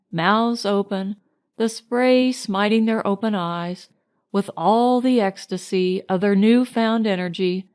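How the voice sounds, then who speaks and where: Slow, lyrical woman audiobook narrator. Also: medium pitch, a little mellow. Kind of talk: scripted narration.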